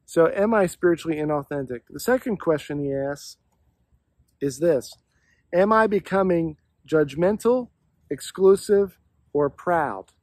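Male pastor, earnest and reflective devotional teacher, slightly high voice. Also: animated, unhurried, darkish tone, no room sound. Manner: earnest, reflective, posing questions to listeners.

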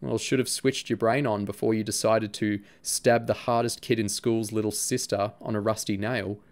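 A man voicing a cheeky, excitable teenage schoolboy who teases his friend and bursts out laughing. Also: lowish voice, normal speed, close to an everyday voice. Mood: evasive.

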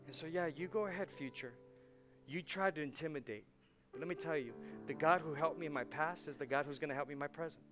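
A man in his forties, a pastor preaching a lively sermon, laughing often and repeating words as he gets worked up. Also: a little high, quick pace, over music. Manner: animated, laughing, repeats words when excited.

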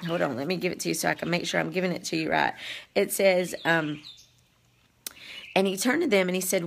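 A woman's voice: lowish voice, gravelly, fairly bright tone. A woman giving a casual devotional Bible teaching, talking straight to her listeners and reading scripture aloud. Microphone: streaming over the internet.

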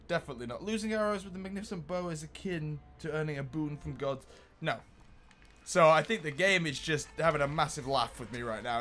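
A young man giving excitable gameplay commentary, yelling at enemies and laughing as he plays. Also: high-pitched. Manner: excitable, swears mildly, often laughs and yells at enemies. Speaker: gaming YouTuber.

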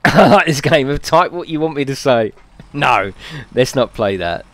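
A man's voice: mid-range voice, expressive, normal speed, fairly bright tone. A man live-streaming a video game, chatting playfully with his viewers, reading their messages aloud and laughing often.

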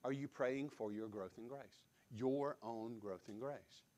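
A man's voice: medium pitch, unhurried, darkish tone. A man preaching a sermon as pastor, emphatic, repeating key words and putting direct questions to the congregation. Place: church sanctuary.

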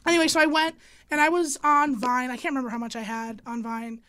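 A young woman hosting a podcast, chatting casually with a dry, sarcastic, deadpan manner and lots of fillers. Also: high-pitched, fairly quick, clear, resonant tone, no echo. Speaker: podcast host.

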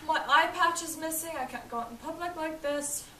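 A woman's voice: high voice, brisk, sharp tone. Ciel, a bratty boy earl, played by a woman. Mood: ranting. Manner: whiny, petulant ranting. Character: spoiled bratty young boy earl, petulant. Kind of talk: fan cosplay skit. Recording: echoey room, voice from a distance, faint hiss.

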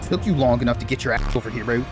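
A man commentating live on his own gameplay, excitable, repeating phrases and swearing at the enemies on screen. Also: medium pitch, racing, over music. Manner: excitable, repeats himself, swears and laughs at the game. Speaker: gamer.

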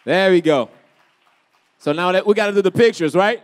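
A man from Haiti, emceeing a community college event with lively, crowd-rousing energy. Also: high-pitched, moderate pace. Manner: energetic, hypes up the crowd, calls out questions.

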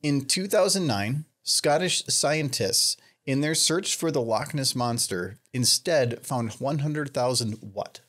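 A man's voice: mid-range voice, takes it slowly, hardly any pauses, fairly bright tone. A young man hosting a podcast trivia segment, rambling with lots of fillers and laughs. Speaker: podcast host running trivia. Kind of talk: casual group chat.

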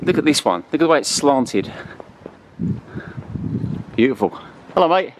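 A man's voice: mid-range voice, very animated, normal speed. Effusive man hosting a walking travel vlog. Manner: effusive, enthusiastic, chatty with strangers. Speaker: travel vlogger and host. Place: outdoors walking through a town. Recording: outdoor street with passing traffic.

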